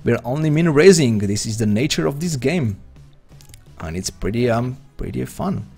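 A man with a Slovenian accent talks through his poker stream in a loose, hesitant, rambling way, full of restarts. His voice has a gravelly, creaky edge at a mid pitch for a man. Faint music sits quietly behind him. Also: lively intonation, normal speed. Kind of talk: live-stream commentary while playing.

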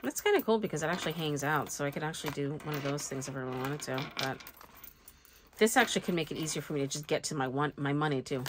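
A woman's voice: low-pitched, fast talker, background noise. A woman vlogger chatting casually and thinking aloud as she sets up a planner, joking about herself as she goes. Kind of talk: rambling casual chat while crafting.

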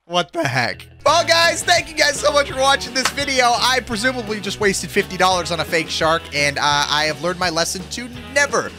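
A young man giving jokey, excitable commentary over his own video game play, reacting fast to what happens on screen. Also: high-pitched. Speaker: gaming YouTuber. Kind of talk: Minecraft gameplay commentary. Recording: faint music behind the voice.

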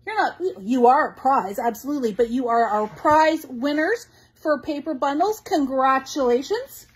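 A woman's voice: sits high, expressive, normal speed, slightly rough. A middle-aged woman who owns a craft store, hosting a casual live stream, chatty and effusive as she reads viewer comments aloud. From Canada.

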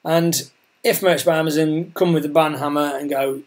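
A man's voice: a little high, steady tone, normal speed. A man talking casually about his online business plans, rambling and repeating himself as his voice starts to give out. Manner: rambling, chatty, repeats words and restarts. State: losing his voice. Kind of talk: casual talk to camera.

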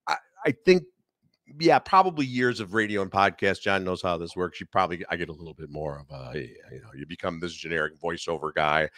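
A middle-aged man from Chicago with a faint Chicago accent, a film critic chatting as a podcast guest in an animated, aside-filled way. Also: sits low, a little fast, no room sound, clean studio sound. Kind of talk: casual podcast conversation.

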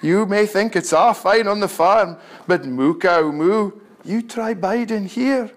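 A man voicing frightened, bitter wild beasts in a North-East Scots accent, complaining in a shrill, raised voice. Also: slow pace. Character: wild beasts outside the farm, fearful and bitter.

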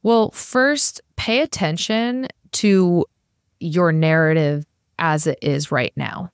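A woman on an interview speaks in a fairly low voice, talking casually as a health practitioner. She tells her stories freely, with plenty of "like" fillers. The sound is dry, with no room echo. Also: takes it slowly, clear, resonant tone. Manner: chatty storyteller, many "like" fillers. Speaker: naturopathic practitioner guest.

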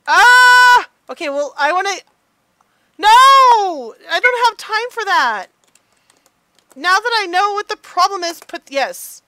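A middle-aged mom chatting excitedly through a let's play, gasping and squealing as she goes. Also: very high voice, no echo. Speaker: gamer mom playing a game.

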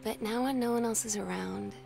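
A woman voicing a teenage girl who confides in her older sister in a narrated game audio diary, quiet and hesitant. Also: on the high side, fairly even intonation, brisk, gravelly. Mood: confiding. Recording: game audio over music.

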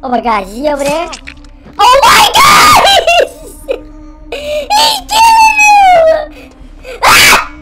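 A squeaky chipmunk gamer. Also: male voice, brisk, raised voice, loud music behind the voice. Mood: panicky yelping. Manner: panicky, excitable, slangy banter. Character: squeaky chipmunk gamer boy, jittery and jokey. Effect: pitch-raised chipmunk voice. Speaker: gaming commentator. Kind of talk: let's-play commentary.

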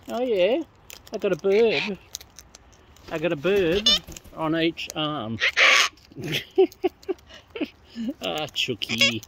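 Australian woman vlogger, playful bird-feeding chatter outdoors; lowish, swooping delivery, unhurried, noisy outdoor recording. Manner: affectionate, playful coaxing of birds. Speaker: vlogger feeding wild birds. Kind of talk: casual chat to birds. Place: outdoors among feeding birds.

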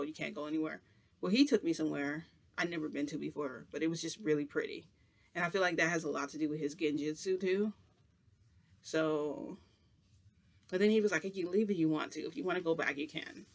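A man's voice: a little high, creaky, fairly bright tone. A man chatting to camera as a vlogger, telling a long rambling story full of "like" in a casual, chatty way.

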